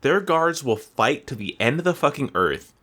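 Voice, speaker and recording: A man's voice: on the high side, big pitch swings, normal speed, a bit bright. A man co-hosting a gaming podcast, ranting animatedly in casual chat and swearing freely. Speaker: podcast co-host.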